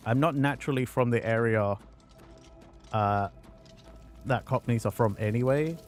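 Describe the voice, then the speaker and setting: Chatty swearing British streamer man. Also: mid-range voice. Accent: mild mixed British. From London. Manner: chatty, swears often, rambling. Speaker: game streamer. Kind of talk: casual gaming commentary.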